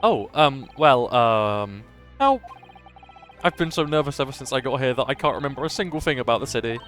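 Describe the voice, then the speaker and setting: A man's voice: mid-range voice, animated, brisk, a bit bright, close to an everyday voice. A man voicing a nervous young male law student in a game, stammering and flustered over faint music.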